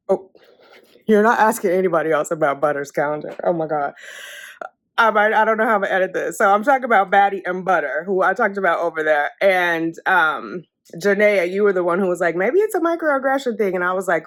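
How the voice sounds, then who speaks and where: In a casual vlog, a young woman talks fast in a mid-range voice, chattily and animatedly recounting her day.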